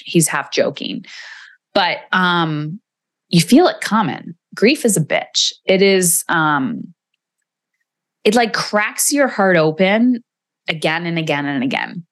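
Candid, emotional woman podcaster, lowish voice. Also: animated, slow. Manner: candid, emotional, swears casually. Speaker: podcast host. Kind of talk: solo podcast reflection.

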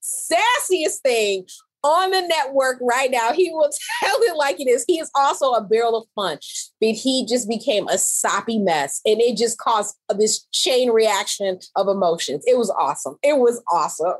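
A woman designer chatting in an interview, telling animated, emphatic stories. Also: on the high side, a little slow, poor audio. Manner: animated, emphatic storytelling, laughs often. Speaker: interior designer, show competitor. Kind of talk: casual interview chat.

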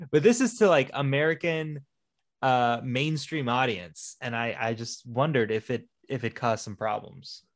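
A man's voice: medium pitch, unhurried. A man with a mid-range voice, chatting about a movie in an easy, wandering way. He drifts into personal stories and swears casually as he goes. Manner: rambling, swears, tells anecdotes. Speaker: podcast co-host.

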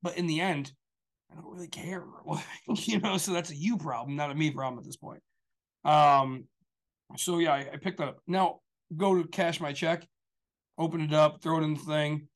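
A man's voice: a little high, steady tone, moderate pace. A man talking casually on a show, telling a long story in a rambling, profane way full of fillers. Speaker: show regular. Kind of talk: casual chat.

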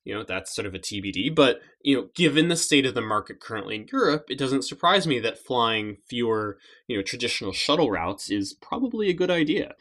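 A man's voice: mid-range voice, very animated, a little fast, few pauses, fairly bright tone. A man co-hosting a podcast, speaking casually with many fillers and repeated words. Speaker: podcast co-host. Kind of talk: casual chat.

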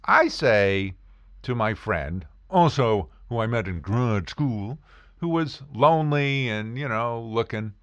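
Man, casual storyteller, lively swooping pitch, dry recording. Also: slow, dry recording. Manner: animated, acts out voices of people in his stories. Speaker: podcast host telling stories.

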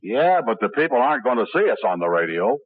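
An actor playing an easygoing, folksy young radio performer in a 1950s radio drama. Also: male voice, medium pitch, sing-song, fast, husky, no room sound. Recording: tinny old radio broadcast.

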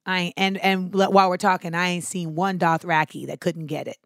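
Animated, profane woman on a podcast. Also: on the low side, brisk, creaky, no room sound, clean studio sound. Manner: animated, profane, acts out scenes with shouts. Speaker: podcast host. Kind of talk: casual comedic monologue.

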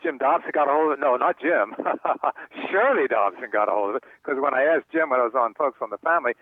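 A man's voice: medium pitch, animated, fast talker, no room sound. Older man on a tinny phone line. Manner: heartfelt, repeats words when moved. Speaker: author guest. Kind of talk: earnest personal storytelling in a radio interview.

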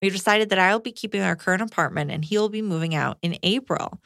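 A woman's voice: medium pitch, quick pace, gravelly, fairly bright tone, no room sound, studio quality. A young woman co-hosting a podcast who reads listener letters aloud and chats in an easygoing way, often laughing. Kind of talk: reading letters and casual chat.

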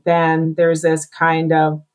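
Woman, very low voice, thoughtful, hesitant, lots of fillers. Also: completely flat delivery, slow pace. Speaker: guest, psychic medium. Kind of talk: casual conversation.

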